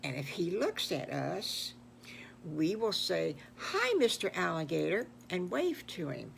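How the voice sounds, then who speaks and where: A woman's voice: medium pitch, expressive, unhurried, a bit bright, a little hiss or hum, voice pushed up. Grandmother doing a sweet mother pig. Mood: hushed. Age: older. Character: motherly pig, cheerful and gentle.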